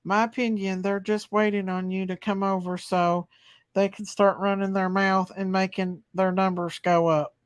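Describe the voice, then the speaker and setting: A woman's voice: medium pitch, little pitch movement, normal speed, smooth, no echo, clean studio sound. A woman hosting a casual livestream, chatting folksy with viewers and singing to them. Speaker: livestream host reading chat. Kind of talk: casual live chat.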